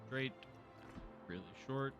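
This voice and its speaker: A man's voice: medium pitch, slow, highs cut off, music in the background. A young man streaming a building game, casually thinking aloud and mumbling to himself as he works. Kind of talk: casual live gameplay commentary.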